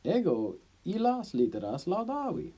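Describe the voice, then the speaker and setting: A man voicing a proud, defensive male schoolteacher in a spoken Latin story, with a husky voice. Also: high-pitched, wildly swooping pitch, normal speed, dark tone, pitched above the performer's own voice, full character voice. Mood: insistent.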